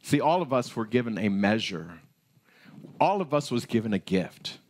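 A male pastor preaching a conversational sermon, retelling a parable with lively storytelling. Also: medium pitch, moderate pace.

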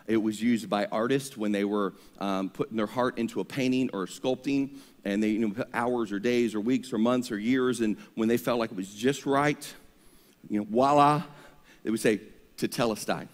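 A male pastor preaching an energetic sermon, leading the congregation in call-and-response. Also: lowish voice, normal speed. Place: church sanctuary. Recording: long reverb of a church hall.

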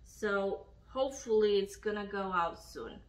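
A woman's voice: mid-range voice, animated, measured pace, rough recording. A young woman from Romania, a beauty vlogger, ranting angrily and swearing while she does her makeup. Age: young adult. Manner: angry, swearing rant.

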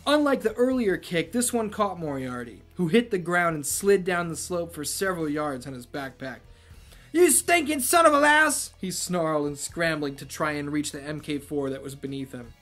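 A man's voice: on the high side, moderate pace, few pauses, faint music behind. A man reading a novel aloud as host, breaking off for sarcastic asides. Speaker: reader and host.

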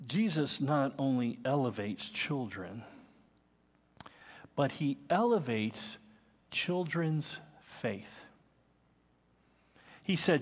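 A man's voice: medium pitch, lively intonation, slow pace, pauses often, a bit bright, slightly rough. A man in his fifties preaching a sermon as pastor, earnest and conversational, with personal asides. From United States. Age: 50s.

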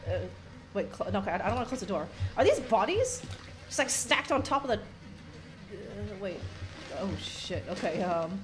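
A woman's voice: medium pitch, very animated, normal speed, soft background music. A young woman giving casual, profane, jokey commentary while playing a horror game, reading in-game notes aloud with sarcastic asides.

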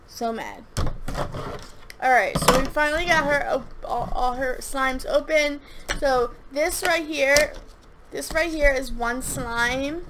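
A woman's voice: sits high, background noise. A young woman chatting casually through a product review, rambling and gushing, with frequent restarts and fillers. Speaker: slime reviewer and shop owner.

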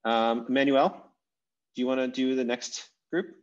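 A man teaching an online language class over a video call, talking in a relaxed, rambling way with fillers and restarts. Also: medium pitch, normal speed. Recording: dull lo-fi video call audio.

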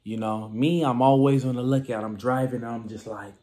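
A man from California with a casual, animated vlogging manner, giving business advice and acting out little scenes. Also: mid-range voice, brisk, few pauses. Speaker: vending machine business vlogger.

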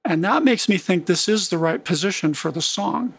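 A man teaching music production in a relaxed screen-recorded tutorial, humming rhythms to make his points. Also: sits high, normal speed, slightly rough.

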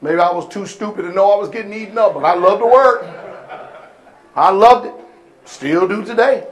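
Preacher guy w a high voice, speaks aave, yells then goes quiet, fiery sermon. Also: moderate pace. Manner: preaching loud with sudden shouts and drops. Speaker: pastor. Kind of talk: fiery call-and-response sermon.

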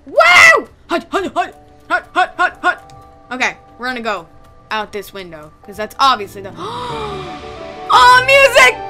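A woman giving excitable, squealing commentary while playing a video game, often gasping. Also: extremely high pitch, unhurried. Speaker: let's play gamer. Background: game music.

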